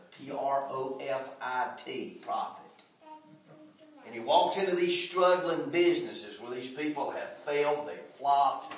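A man preaching a sermon in folksy, plain-spoken speech. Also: mid-range voice. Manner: folksy, dialect grammar, builds from hush to shouting. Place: church. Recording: echoey hall from far off.

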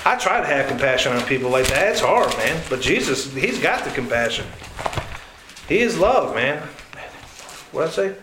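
A man's voice: very animated, normal speed, background noise. A man preaching a sermon in a church, impassioned and speaking straight to his listeners, often calling them "man". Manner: impassioned, rising to high-pitched fervor. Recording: very echoey church room.

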